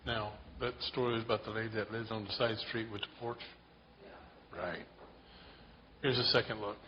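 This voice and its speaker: A man's voice: lowish voice, little pitch movement, normal speed. Self-deprecating man telling a story. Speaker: church member sharing a story. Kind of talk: casual anecdote told to a church group. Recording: dull lo-fi sound with faint noise.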